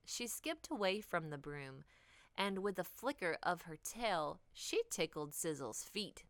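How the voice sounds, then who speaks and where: A woman reading a children's storybook aloud, expressive and dipping into whispers for drama. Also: on the low side, unhurried, a little hiss or hum.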